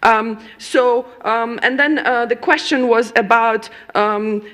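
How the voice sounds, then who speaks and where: Hesitant woman, higher voice. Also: fairly even intonation, takes it slowly, a bit bright. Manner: hesitant, searching for words. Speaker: panelist. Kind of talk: conference panel remarks.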